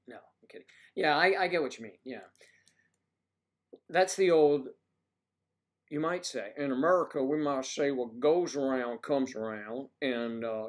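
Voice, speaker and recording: Joking man hosting a livestream. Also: medium pitch. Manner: joking, rambling, answering viewers' comments. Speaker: livestream host. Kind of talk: casual livestream chat.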